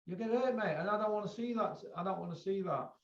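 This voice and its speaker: Blunt, swearing man with a high voice. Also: fast talker, crowd noise. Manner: blunt, swears a lot, lecturing. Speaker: boxing show host. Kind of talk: blunt casual chat. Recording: echoey, dull lo-fi room sound.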